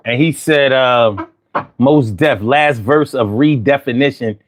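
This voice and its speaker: A man hosting a casual chat, telling stories with lots of swearing and putting on high voices when he quotes himself. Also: slow pace, very noisy. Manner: animated storyteller, swears freely, jumps into high voices for quotes. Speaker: host.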